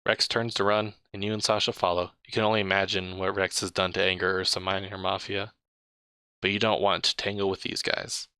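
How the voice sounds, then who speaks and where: Male reader, casual interactive-story narration, bright tone, dry close sound. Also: low voice, level tone, brisk, smooth, no echo. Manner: chatty, comments on his own slips and laughs mid-read. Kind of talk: casual read-aloud narration.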